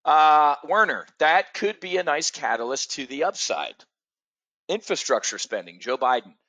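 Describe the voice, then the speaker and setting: A middle-aged man with a bright, forceful voice hosts a live market show. He talks bluntly and emphatically, swears freely, and answers viewers by name. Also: on the high side, animated, normal speed. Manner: addresses viewers directly by name. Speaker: trading show host.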